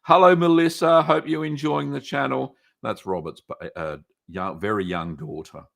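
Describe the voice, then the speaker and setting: A man's voice: medium pitch, moderate pace, gravelly, a bit bright. A man hosting a casual live stream, answering viewer questions with many ums and restarts. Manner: rambling, many ums and restarts, reads chat aloud.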